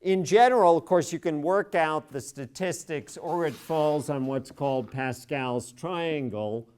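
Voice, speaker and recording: A man's voice: mid-range voice, darkish tone, clean tone. A middle-aged man giving a university chemistry lecture, spelling out each step methodically and stressing key words. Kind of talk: classroom lecture.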